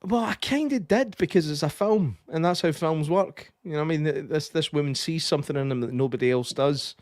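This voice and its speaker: A young Scottish man co-hosting a podcast, chatting casually about a film, sweary and animated, often slipping into impressions. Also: on the high side, brisk, no echo, clean studio sound. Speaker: podcast co-host. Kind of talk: casual film review chat.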